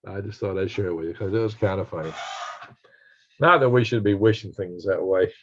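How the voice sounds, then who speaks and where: A man's voice: deep voice, fairly quick, fairly bright tone. Chuckling folksy man, lo-fi stream. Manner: chuckling, folksy, reads viewer comments aloud. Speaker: livestream host reading chat. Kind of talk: casual live-stream chat. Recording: dull lo-fi stream audio.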